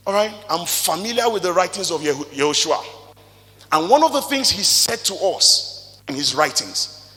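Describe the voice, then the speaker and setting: A man with a Nigerian accent giving an animated motivational talk to a live audience, firing rhetorical questions and swinging between loud and soft. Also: high voice, normal speed. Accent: Nigerian English. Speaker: motivational speaker. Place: stage in a hall before an audience. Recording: long reverb of a large hall.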